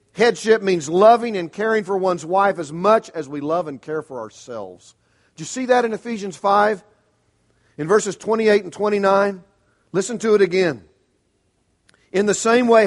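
A man's voice: high-pitched, moderate pace. Emphatic middle-aged male pastor preaching. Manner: earnest, emphatic preaching with rhetorical questions. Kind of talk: sermon.

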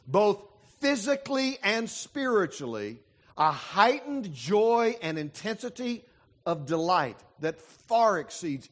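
A man preaching a sermon as a pastor, emphatic and full of dramatic pauses. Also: on the high side.

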